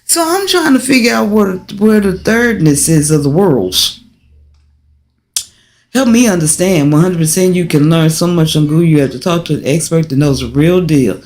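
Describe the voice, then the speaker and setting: A woman from the United States hosting a casual livestream, talking straight to her viewers with lively rhetorical questions. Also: lowish voice, normal speed. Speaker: livestream host and relocation guide.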